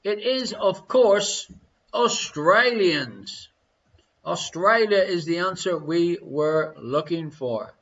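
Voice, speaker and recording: A man's voice: high voice, expressive, slow pace, a bit bright, muffled recording. An Irish man hosting a live online quiz from his living room, reading questions and answers with a jokey, chatty manner. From Ireland. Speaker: quiz show host.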